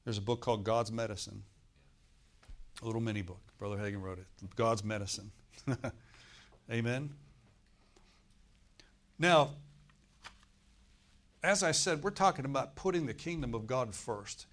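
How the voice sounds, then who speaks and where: A man's voice: medium pitch, unhurried, long pauses, fairly bright tone. A middle-aged man preaching a sermon as pastor, in a conversational way, putting rhetorical questions to his congregation.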